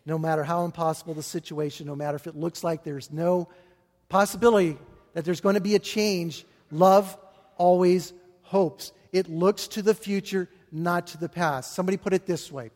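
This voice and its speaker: A pastor with a somewhat high, fairly evenly intoned voice preaches to his congregation, earnest and halting, circling back with repeated restarts and fillers. The sermon rings through a large hall with a long reverb tail.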